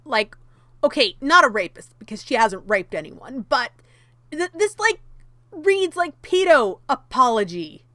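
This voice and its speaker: A woman's voice: on the high side, big pitch swings, measured pace, pushed and bright, no room sound, clean studio sound. A woman commentary YouTuber reading from an article and reacting in a heated, exasperated way, with many fillers.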